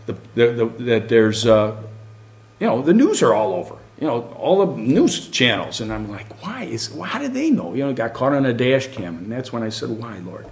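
A middle-aged man preaches with animation, his voice medium in pitch and moderate in pace, filling the sermon with rhetorical questions aimed at the congregation.

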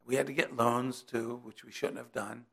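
A man's voice: mid-range voice, steady tone, moderate pace, vocal fry. A middle-aged man from New Jersey preaching a sermon in a conversational way, weaving in personal stories.

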